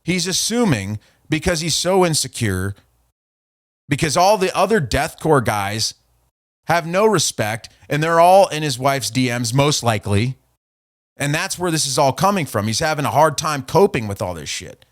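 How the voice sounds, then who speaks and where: A man's voice: on the high side, sing-song, moderate pace. A man hosting a podcast, ranting profanely and mockingly while reading out an argument from his messages. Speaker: podcast host. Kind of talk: casual podcast rant.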